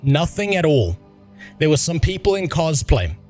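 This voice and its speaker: A man's voice: fairly high pitch, big pitch swings, normal speed, a little mellow, soft background music. A man in his thirties with a South African accent, telling an exasperated, profane story to his stream chat. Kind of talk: casual ranting to stream chat.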